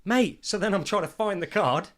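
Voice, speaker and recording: A man hosting a podcast, telling stories in a lively way and swearing freely. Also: sits high, fairly quick. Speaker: podcast host and father. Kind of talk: casual podcast chat.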